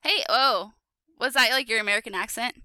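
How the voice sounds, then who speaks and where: A woman hosting a podcast, chatting casually and recapping an episode, upbeat and quick to laugh. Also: a little high, pushed and bright, no echo. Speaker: podcast host. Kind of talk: casual chat and story recap.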